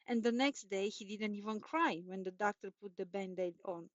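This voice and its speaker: A woman's voice: mid-range voice, normal speed, no echo. Woman reading a children's story aloud. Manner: lilting, repetitive storytelling. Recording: dull, dry recording.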